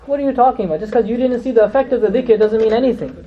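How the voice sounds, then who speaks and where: Man, religious lecture, brisk casual storytelling, dull recording. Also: very high voice. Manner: lively, conversational storyteller who slips in Arabic terms. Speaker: Islamic teacher.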